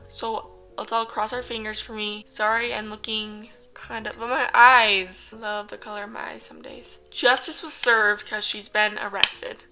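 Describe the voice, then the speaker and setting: A woman's voice: mid-range voice, bright, forceful tone, poor audio. A young adult woman vlogger telling a story casually to a phone camera, with joking asides to the viewer.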